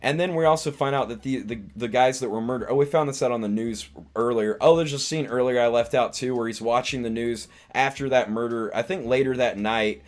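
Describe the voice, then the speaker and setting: A man's voice: medium pitch, fairly quick, hardly any pauses. A man casually retelling a film's scenes on a live stream, meandering and restarting his sentences often. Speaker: streamer and comedian reviewing a film.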